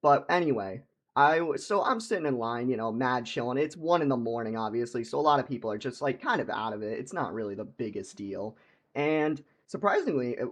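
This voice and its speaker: A man's voice: mid-range voice, husky. A young man telling a casual storytime vlog anecdote, rambling, repeating words and laughing.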